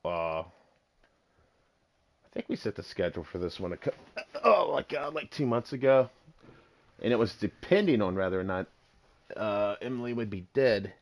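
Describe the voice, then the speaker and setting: A man hosting a casual podcast, relaxed and joking, with plenty of ums. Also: on the low side. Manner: relaxed, joking, drawn-out fillers. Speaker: podcast host. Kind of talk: casual chat. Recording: dull lo-fi home mic.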